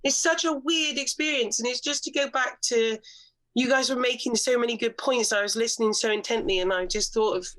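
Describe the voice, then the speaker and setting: A woman with a slightly high voice talks openly on a podcast. She tells personal stories with blunt swearing and restarts. Her delivery is casual and conversational. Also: fairly quick, a bit bright, poor audio. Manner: candid storytelling, frequent restarts and swearing. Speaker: podcast guest.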